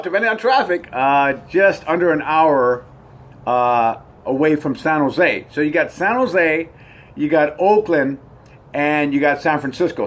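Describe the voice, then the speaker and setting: Rambling middle-aged man, slightly high voice. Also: fairly bright tone. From United States. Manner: rambling, upbeat, frequent fillers and restarts. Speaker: vlogger. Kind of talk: casual rambling vlog to camera. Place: on his front porch at home, outdoors.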